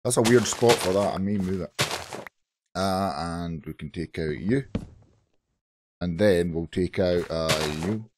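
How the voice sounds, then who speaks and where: A Scottish man with a hoarse, groggy voice, chatting casually to viewers while playing Minecraft on his channel. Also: deep voice, unhurried, pauses often, background noise. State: hoarse from shouting. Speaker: gaming channel host. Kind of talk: casual Minecraft let's play commentary.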